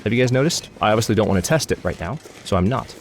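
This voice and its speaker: A man's voice: fairly low pitch, expressive, rapid-fire, slight background noise. Rambling man narrating his gameplay. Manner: rambling, talks to the game, exasperated asides. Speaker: let's play host. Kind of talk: gaming commentary. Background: game music.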